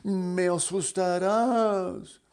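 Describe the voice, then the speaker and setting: Man putting on a high coy butterfly girl. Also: expressive, drawn-out words, dark tone, heavily acted. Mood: frightened. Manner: coy, sing-song. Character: pretty, vain little female butterfly.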